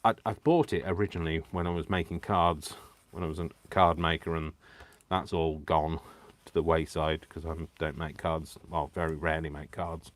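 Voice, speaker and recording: A man with a low, deep voice hosts a live crafting stream from home. His talk is giddy and rambling, full of restarts and asides to viewers. He keeps laughing to himself and teasing himself. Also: steady tone, moderate pace, no room sound. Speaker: crafting livestream host. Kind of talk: casual live crafting chat.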